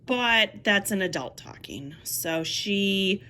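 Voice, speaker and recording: A woman's voice: mid-range voice, expressive, slow pace, bright, forceful tone. A woman giving a casual book review, wry and sarcastic, laughing now and then as she talks.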